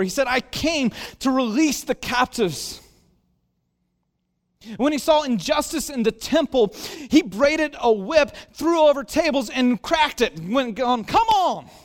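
A man preaching a sermon as a pastor, telling stories with animated acted-out dialogue and self-deprecating humor. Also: very high-pitched. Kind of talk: storytelling sermon. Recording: long hall reverb.

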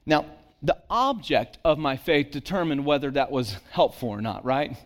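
A pastor preaches conversationally at normal speed, his intonation lively, posing rhetorical questions and repeating words as he restarts. For emphasis he drops his voice low and soft.

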